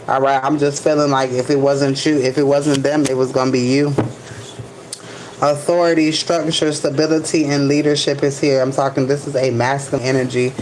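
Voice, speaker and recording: A woman's voice: rumbling low, background noise. A woman giving a casual tarot reading to camera. She peppers her talk with "all right" and stretches out single keywords as she turns cards. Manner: repeats "all right" constantly, drawn-out card keywords. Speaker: tarot card reader.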